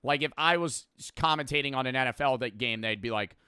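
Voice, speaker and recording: A man's voice: mid-range voice, a little fast, pushed and bright, smooth, no room sound, studio quality. A young man streaming, reacting in casual, rambling and profane talk.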